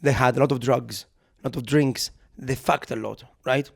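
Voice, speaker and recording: A man co-hosting a podcast, telling a comic story in casual chat, animated and swearing, acting out the people he quotes. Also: medium pitch, normal speed, gravelly, husky. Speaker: podcast co-host. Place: podcast recording.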